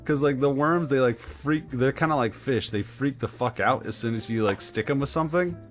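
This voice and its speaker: A man live-streaming a game, telling a rambling story in an animated, casual way with lots of filler words. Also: mid-range voice, a little fast, faint music behind. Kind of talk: live-stream gameplay chat.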